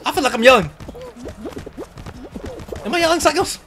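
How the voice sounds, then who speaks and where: Excitable young man yelling over a game. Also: extremely high pitch, brisk, pauses often. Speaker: gaming YouTuber. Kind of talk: excited let's-play commentary.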